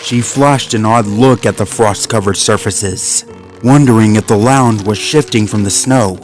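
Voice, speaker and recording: A man narrating a suspenseful animal story in a measured, scripted way. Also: on the low side, soft background music.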